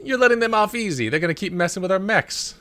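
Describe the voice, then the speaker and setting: A hot-headed mech pilot with a high, squeaky voice, done by a man reading a game aloud. The figure sounds resentful and suspicious. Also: animated, fast talker, pushed and bright, soft background music.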